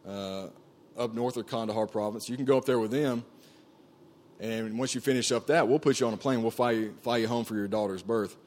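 A camp staff member shares his personal testimony with a group, speaking earnestly and conversationally with plenty of fillers and restarts. His voice sits on the low side and carries a darkish tone.

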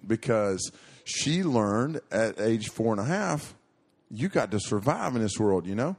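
Preacher guy, middle-aged, low voice, rambling and folksy, lots of restarts. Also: animated, unhurried, slightly rough. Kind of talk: sermon storytelling to young people.

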